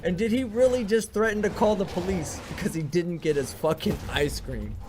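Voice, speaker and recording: A man's voice: sits high, normal speed, music in the background. A man hosting a reaction video, delivering sarcastic commentary full of blunt, profane insults. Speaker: video host reacting to clips.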